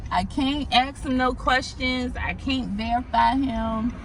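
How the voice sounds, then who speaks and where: A chatty woman in her twenties tells a work story with plenty of "like" and "um" fillers. Her voice sits on the higher side, and she is recorded on a phone inside a car. A faint car hum runs underneath. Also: takes it slowly, rough recording. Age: 20s. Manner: chatty, animated retelling with lots of "like" and "um". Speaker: call center agent telling a story. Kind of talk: casual storytime vlog.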